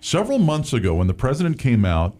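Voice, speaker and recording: A man's voice: medium pitch, wildly swooping pitch, fast talker, dark tone. A man co-hosting a talk radio show, speaking emphatically and with strong opinions. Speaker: radio co-host.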